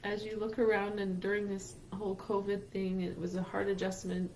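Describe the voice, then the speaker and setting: An earnest woman co-hosts a heartfelt talk about grief and speaks from a faith-based outlook. Her voice sits in a middle pitch, and at times she grows tearful as she shares. Faint noise hums underneath. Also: completely flat delivery, normal speed, darkish tone, poor audio. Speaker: podcast co-host.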